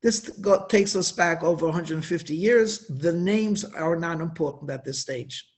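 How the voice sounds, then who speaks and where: A man giving an inspirational religious talk at a Hasidic gathering, telling stories with emphatic, drawn-out stresses. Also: fairly high pitch.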